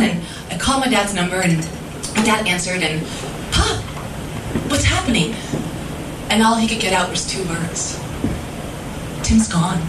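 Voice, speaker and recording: A young woman telling an earnest, emotional personal story on a stage, heard from a distance. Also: mid-range voice. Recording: roomy live recording from far off, audible noise.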